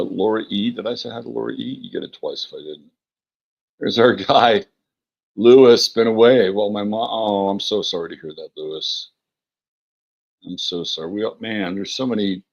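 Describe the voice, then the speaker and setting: A man hosting an astrology livestream, greeting chat viewers by name in a relaxed, rambling way with many fillers and a gravelly, husky voice. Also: deep voice, lo-fi sound. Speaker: astrology show host.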